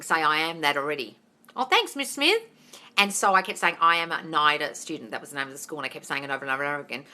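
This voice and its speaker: A bright-voiced woman chats through a casual live Q&A, recorded on her phone. She is warm with her viewers, animated, swears freely and slips "darling" into her answers. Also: low-pitched. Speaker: manifestation coach hosting a live stream. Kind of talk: casual live-stream Q&A, reading viewer comments.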